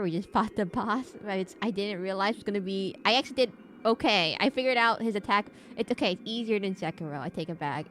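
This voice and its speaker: Playfully dramatic woman streaming a game. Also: mid-range voice. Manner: animated, playfully overdramatic rants. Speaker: VTuber streamer. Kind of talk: casual game-stream commentary.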